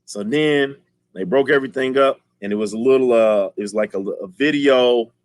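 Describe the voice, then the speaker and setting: A man streaming and chatting casually with his viewers, telling stories in an animated way and laughing often. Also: mid-range voice, moderate pace, no room sound. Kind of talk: casual chat.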